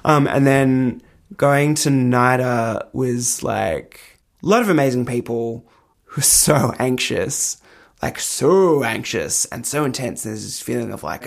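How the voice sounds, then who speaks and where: A gravelly young man talking openly as an interview guest, with a fry running through his voice. He is chatty, leans on fillers and laughs a lot. He keeps slipping into little acted voices for the people in his stories. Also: mid-range voice, moderate pace. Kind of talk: candid interview storytelling.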